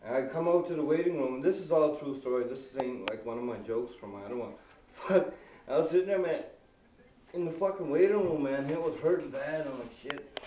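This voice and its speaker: A man's voice: fairly high pitch, brisk, mellow. A man telling a personal story in a casual, rambling way, swearing often and dropping "man" into nearly every line. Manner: profane, rambling, fills lines with "man". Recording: echoey room, distant from the mic, faint hiss.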